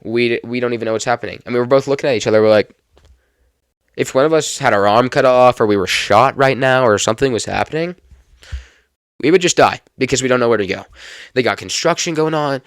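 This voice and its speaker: A young adult man hosting a podcast, telling a personal story in a lively, casual way and laughing now and then. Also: medium pitch, fast talker, clean tone, no room sound, studio quality. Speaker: podcast host.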